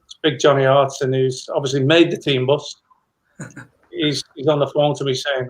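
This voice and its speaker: A man's voice: mid-range voice, little pitch movement, normal speed, rough recording. A middle-aged man, a former footballer, telling anecdotes in a rambling casual chat with many restarts.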